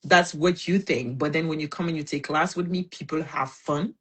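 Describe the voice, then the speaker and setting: A woman's voice: low voice, normal speed, a bit bright, slightly rough. A woman with a French accent, hosting a casual podcast conversation and making her points emphatically in repeated lists. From Caribbean. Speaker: podcast host.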